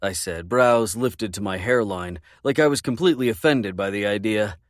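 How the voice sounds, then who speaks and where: A man's voice: fairly low pitch, no room sound. Dry, close male audiobook narrator. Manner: measured, intimate storytelling. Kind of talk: first-person romance audiobook narration.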